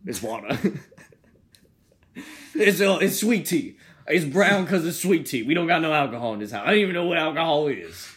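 A stubborn rural Southern dad who denies everything with a broad put-on drawl, as a man plays him for laughs. His voice sits a touch high and rises and falls a lot as he spins his tall tales. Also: expressive, normal speed, a bit bright. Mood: blustery denial. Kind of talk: comedy podcast improv bit.

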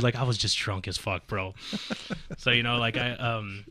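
A man's voice: mid-range voice, measured pace, no echo. A young man on a podcast telling a story in casual talk, swearing freely and acting out what people said. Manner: animated retelling, acts out quoted voices loudly, swears freely. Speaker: podcast guest, fighting game player.

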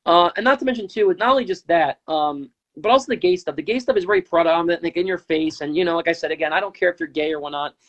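A man's voice: on the high side, quick pace, hardly any pauses, a bit bright, lo-fi sound. A man in his twenties hosting a political talk stream, rambling casually with many fillers and restarts. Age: 20s. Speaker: political talk show host. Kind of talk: casual live-stream commentary.

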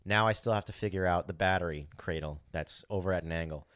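A podcast co-host with a deep, slightly bright voice tells a story at a quick clip in casual chat, recorded clean in a studio with no echo. He's animated, acts out his own thoughts, swears freely, and leans constantly on "like" as filler.

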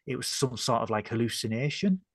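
A chatty man with a northern English accent talks through a show recap. He jumps into sudden bright jokey asides. His voice sits at a medium pitch, recorded close and dry with no room sound. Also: lively intonation, fairly quick, husky, no room sound. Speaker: podcast co-host. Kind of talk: casual review chat.

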